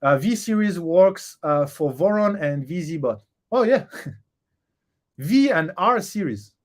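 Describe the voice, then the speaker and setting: A man with a fairly high voice hosts a relaxed live Q&A stream. He reads viewer comments aloud and answers them off the cuff. He hesitates often, restarts his sentences and chuckles now and then. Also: unhurried.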